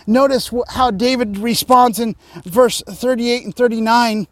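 A man's voice: very high voice, fairly even intonation, unhurried, no echo. A man, a pastor, preaching a sermon and speaking earnestly and directly to his listeners.

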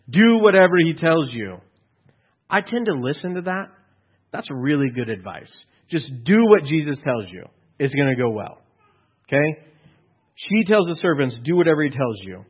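A man preaching a conversational sermon to a congregation. He acts out the people in the story, sometimes dropping to a hushed aside. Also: on the high side, slightly rough, lo-fi sound. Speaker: pastor.

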